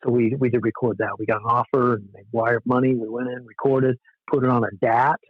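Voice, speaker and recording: A man in his forties from Southern California recounts old times as a podcast guest. He is easygoing and anecdotal and often laughs at himself. His voice sits at a middling pitch, and the recording is dry, slightly dull and lo-fi. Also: flat delivery, brisk, no room sound. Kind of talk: casual storytelling in a podcast interview.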